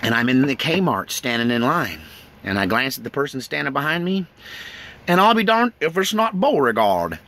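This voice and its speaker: Gravelly, lively East Texas man telling a story. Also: mid-range voice, normal speed, a little hiss or hum. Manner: rambling, chuckling between lines. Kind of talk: casual spoken storytelling.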